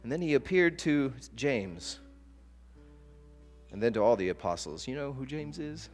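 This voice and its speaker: A man preaching a sermon as pastor, telling stories with lively acted-out quotes. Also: medium pitch, unhurried. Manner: animated storytelling with acted-out quotes. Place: church sanctuary. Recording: long church reverb with soft guitar.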